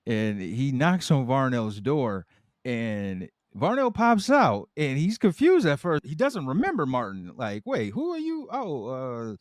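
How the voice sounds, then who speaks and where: Podcast dude, really bouncy intonation, dry close mic, chill agreeing and adding jokes. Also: male voice, mid-range voice, a little slow, no room sound. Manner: relaxed, short agreeing replies, playful asides. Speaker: podcast co-host. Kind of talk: casual recap chat.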